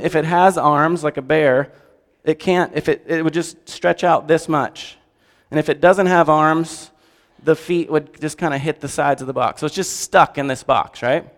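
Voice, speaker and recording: A man preaching a sermon in a conversational, animated way and asking the audience questions. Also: a little high. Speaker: pastor. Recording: long hall reverb.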